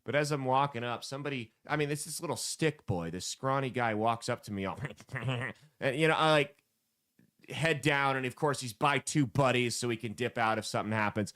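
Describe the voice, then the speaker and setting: A man's voice: mid-range voice, moderate pace, a bit bright. A man hosting a podcast, ranting bluntly and mockingly in casual commentary with plenty of swearing. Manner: blunt, profane, mocking rants. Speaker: podcast host.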